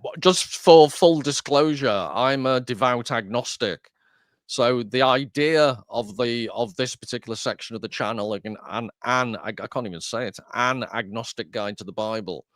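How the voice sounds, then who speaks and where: A man's voice: medium pitch, normal speed, no room sound, clean studio sound. A man hosting a casual discussion, chatty and self-deprecating, often rambling. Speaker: host.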